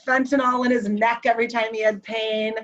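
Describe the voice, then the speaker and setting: A woman's voice: on the high side, a little fast. A woman guest recounting a personal story with feeling, acting out the dialogue as she goes. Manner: animated retelling that acts out the dialogue. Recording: slightly dull lo-fi recording.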